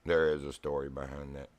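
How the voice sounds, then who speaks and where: A man's voice: rumbling low, no echo. A man from Virginia streaming a fishing game, telling rambling stories with frequent chuckles. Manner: rambling storyteller, chuckles often. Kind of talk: casual gaming stream chat.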